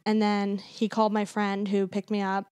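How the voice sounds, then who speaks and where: A woman comedian recounts a story as a podcast guest, candid and detailed. Her voice sits in a middle pitch. The sound is close and dry. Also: monotone, normal speed, darkish tone, clean tone, no echo. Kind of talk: casual podcast chat.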